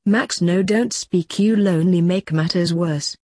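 A woman voicing a tired, resigned man on the run, a father figure, in a husky voice. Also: lowish voice, measured pace, dark tone, no room sound, clean studio sound. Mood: weary.

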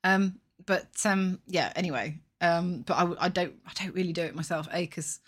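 A woman's voice: on the low side, moderate pace. A woman co-hosting a podcast, chatting casually in a wry, meandering way. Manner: chatty, wry, frequent ums. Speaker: podcast co-host. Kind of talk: casual chat.

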